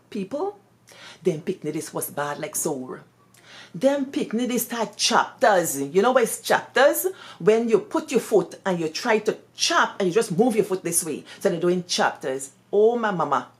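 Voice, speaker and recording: Lively Guyanese woman telling stories. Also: on the low side. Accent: Guyanese Creole-tinged English. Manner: expressive, lively, peppered with Creole phrases. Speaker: storyteller and former teacher. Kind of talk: animated personal storytelling.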